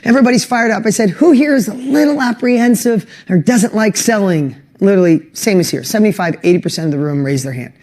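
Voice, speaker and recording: A man giving a motivational talk to an online audience, telling animated stories and often restarting his sentences. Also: sits high, fast talker, hardly any pauses. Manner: animated, acts out quoted voices, restarts sentences; speaks directly to an online audience. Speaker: business coach and motivational speaker.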